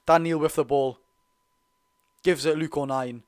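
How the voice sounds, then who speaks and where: Young male Geordie fan streamer, high-pitched, swings from chatty play-by-play to shouting. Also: a little slow, clear, resonant tone. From North East England. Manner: excitable, loud celebrating, swearing; partisan play-by-play with repeated phrases. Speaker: fan watch-along streamer. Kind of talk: live fan commentary.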